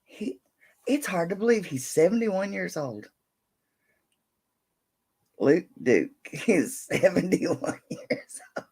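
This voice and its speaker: A woman's voice: lowish voice, very animated, takes it slowly, long pauses, a little mellow, breathy edge. An older woman hosting a late-night casual livestream, rambling as she reads out viewer comments and talks to her dog in between. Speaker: livestream host.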